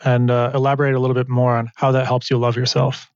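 A man interviewing in a reflective conversation, soft and affirming, asking probing follow-ups. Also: medium pitch, monotone, fast, smooth, no echo, dull audio.

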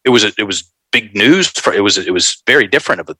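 A man telling a story in an animated, folksy way, calling his listeners folks. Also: fairly low pitch, fast, slightly rough, no room sound, poor audio. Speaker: guest.

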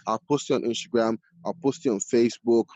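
A man from Nigeria, a chef, telling his story casually in an interview, animated and full of fillers. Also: medium pitch, quick pace, no room sound. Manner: animated, many fillers like "like" and "you know". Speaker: chef, podcast guest. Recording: dull lo-fi audio.

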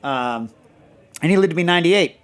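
A man's voice: fairly high pitch, expressive, moderate pace. A man hosting a podcast in casual chat, rambling and digressive with lots of fillers. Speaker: podcast host.

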